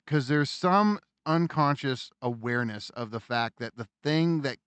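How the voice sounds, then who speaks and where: A man co-hosting a podcast in casual conversation, swearing freely, who theorizes and acts out quoted lines in loud bursts. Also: mid-range voice, measured pace, smooth, dry recording. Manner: animated storyteller, acts out quoted lines in shouts; profane, theorizing. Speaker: podcast co-host.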